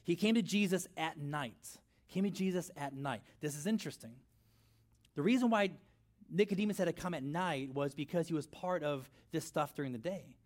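A middle-aged man preaching a sermon in a church, conversational and animated, with storytelling asides. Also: fairly high pitch, normal speed. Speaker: pastor.

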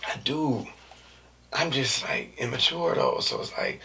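A man's voice: mid-range voice, measured pace, creaky, far from the mic, slight background noise. A man in his thirties talking casually and loosely in slang, sometimes dropping to a whisper. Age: 30s. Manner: loose, slangy and animated, drops into whispers and jokey put-on voices. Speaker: vlogger. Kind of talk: casual monologue.

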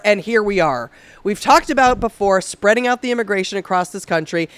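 A woman's voice: mid-range voice, clean tone, no echo. A woman co-hosting a podcast in casual chat, blunt, profane and fired-up. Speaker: podcast co-host.

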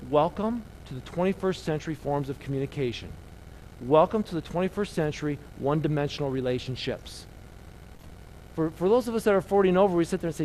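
A man's voice: fairly high pitch, expressive, fast, slight background noise, poor audio. Dynamic middle-aged male preacher. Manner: dynamic preaching, swings between loud emphasis and soft near-whispers. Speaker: pastor. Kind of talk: sermon.

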